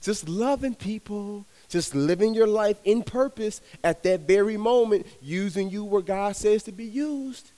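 A young man preaching to a youth audience, telling stories with energy and swinging between soft and loud delivery. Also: high voice, measured pace, hardly any pauses, big-room sound. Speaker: youth minister. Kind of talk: sermon. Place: large hall with young audience.

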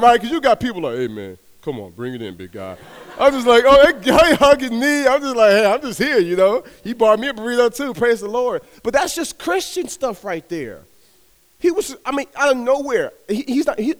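A young man preaching to a youth audience, telling stories with energy and swinging between soft and loud delivery. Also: very high-pitched, in a large hall. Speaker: youth minister. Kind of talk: sermon. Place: large hall with young audience.

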